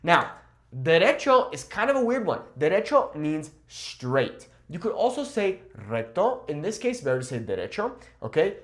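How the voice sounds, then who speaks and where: Male language teacher, upbeat and animated, slightly high pitch, repeats phrases slowly and checks in often. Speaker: Spanish teacher. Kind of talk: language lesson. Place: Mexico.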